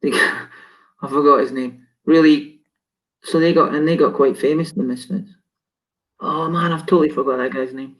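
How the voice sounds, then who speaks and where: Slightly high-voiced guy rambling on a fan chat show, laughs a lot, forgets names. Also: fairly even intonation, moderate pace, rough recording. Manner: rambling, loses his train of thought, laughs often. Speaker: co-host. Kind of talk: casual chat.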